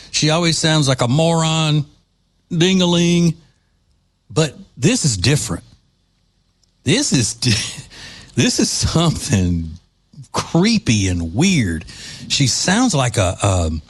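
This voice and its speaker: Male podcast host, slightly higher voice, mocking commentary. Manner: mocking, sarcastic, chatty asides.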